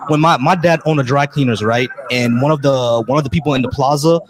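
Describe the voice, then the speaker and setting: A man's voice: mid-range voice, quick pace. Earnest male live-stream host. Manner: earnest, repeats words when emphatic.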